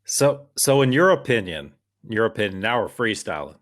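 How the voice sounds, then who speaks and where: This political podcast co-host speaks at a moderate pace in a fairly low, sing-song voice. His casual talk is heated, emphatic and meandering.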